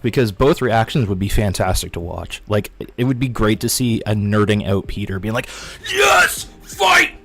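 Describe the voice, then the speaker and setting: A young man hosting a live stream, chatting and rambling excitably while he snacks. His voice sits low. Faint music plays behind him. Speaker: livestream host. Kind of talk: casual live-stream chat.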